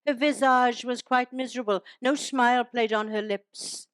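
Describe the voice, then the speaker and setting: Older woman, comic poetry recital, chatty, teasing, fairly high pitch. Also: steady tone, moderate pace, smooth, no echo. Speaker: comic performer. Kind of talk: humorous poetry recital to a live audience.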